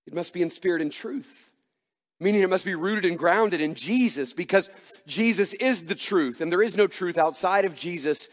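Male pastor, fairly high voice, earnest emphatic sermon delivery, long church-hall reverb. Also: normal speed. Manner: earnest, emphatic preaching with rhetorical questions.

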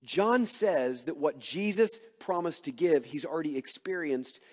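A male pastor preaching a sermon, emphatic and full of rhetorical questions, swinging between hushed and loud delivery. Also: on the high side, lively intonation, unhurried. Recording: long hall reverb.

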